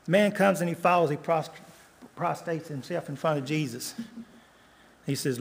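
An older man preaching a sermon as a guest preacher, earnest, repeating lines and slowing down for emphasis. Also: on the high side, vocal fry, husky. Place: church sanctuary. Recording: long church reverb.

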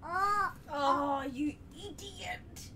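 High, slow-talking woman, off-mic teasing, noisy background. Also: sharp tone. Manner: teasing, scolding, calling out from the side. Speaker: person in the room with the streamer.

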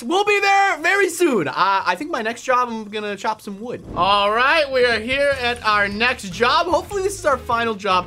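A young man giving excited, jokey gameplay commentary as a YouTuber, often shouting when things go wrong. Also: high voice. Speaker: gaming YouTuber.

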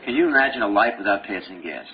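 A man's voice: on the low side, quick pace. A middle-aged man giving a live medical lecture, joking and telling stories to his students in a lecture hall. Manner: animated, jokey storytelling with laughs. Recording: dull lo-fi lecture-hall recording with faint hiss.

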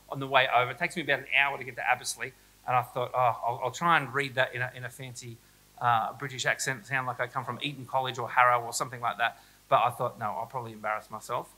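An Australian man speaks at a conference keynote, his voice bright and forward. He jokes with the audience and pokes fun at himself in a loose, chatty way. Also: medium pitch, low-quality recording. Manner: playful, self-mocking, chatty with the audience. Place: school hall, live audience.

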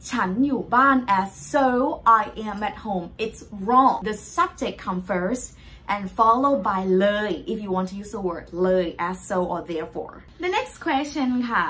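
A woman's voice: mid-range voice, a bit bright. A young woman with a Thai accent, a Thai language teacher answering viewers' questions in a patient, step-by-step way. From Thailand. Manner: patient, explaining step by step with polite particles. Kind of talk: Q&A language lesson.

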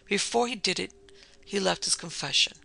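A woman reading the part of a calm, scheming male killer who speaks quietly and mockingly. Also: mid-range voice, normal speed, vocal fry. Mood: composed.

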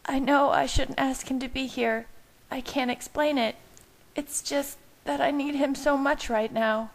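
A woman performing a tearful young woman in a fan-read story, sobbing as she pleads. The voice is pushed very high and takes on an unfamiliar, thin timbre. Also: fairly even intonation, measured pace, gravelly, low-quality recording. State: crying.

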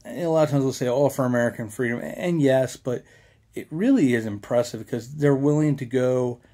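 A man's voice: medium pitch, normal speed, warm tone. A young man, rambling casually with many fillers as a local history vlogger. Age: young adult.

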